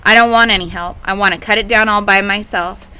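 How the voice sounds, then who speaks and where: A woman voicing an earnest, determined country boy in a storybook reading, in her own bright voice. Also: mid-range voice, steady tone, a little fast, clear, resonant tone, natural voice, poor audio.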